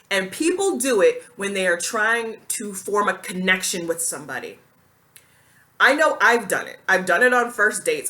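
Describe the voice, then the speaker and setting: A woman's voice: medium pitch, sharp tone. A woman talking straight to camera in a commentary vlog, blunt and indignant, with plenty of casual slang. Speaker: commentary vlogger.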